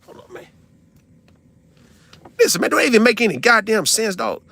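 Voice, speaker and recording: A young man, ranting to his stream audience in a heated, profane, incredulous way, swinging from loud outbursts to low mutters. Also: very animated, normal speed. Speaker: livestreamer venting to his audience. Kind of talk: heated casual rant.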